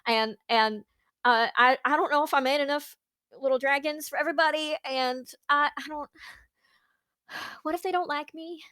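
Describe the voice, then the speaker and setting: A woman's voice: high voice, moderate pace, pushed and bright, no room sound, studio quality, pitched above the performer's own voice. A woman playing an anxious young adventurer who rambles and stammers nervously.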